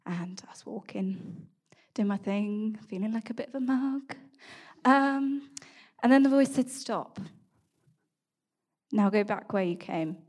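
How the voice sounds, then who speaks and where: A young woman hosting a podcast, giving a devotional talk in a chatty storytelling way, full of fillers and asides, and dropping to a hush when she quotes. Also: on the high side. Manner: drops to a hush when quoting. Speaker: podcast host.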